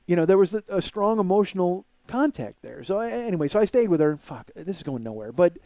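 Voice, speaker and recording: Man, comedian, comic storytelling monologue, slightly high voice, rambling, profane, self-mocking, dry close recording. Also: sing-song, brisk, mellow, no room sound.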